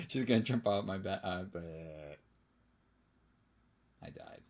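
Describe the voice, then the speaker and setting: A man's voice: fairly low pitch, brisk, a little mellow, husky. A man hosting a home livestream, bantering and teasing in casual chat. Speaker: streamer host. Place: home while drawing on stream.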